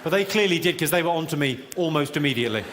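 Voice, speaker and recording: A man doing stand-up in a large theatre before a live audience, telling jokes in a brisk, mock-innocent way. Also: a little high, lively intonation. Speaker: stand-up comedian. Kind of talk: live stand-up one-liners. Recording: loud crowd noise with long hall reverb.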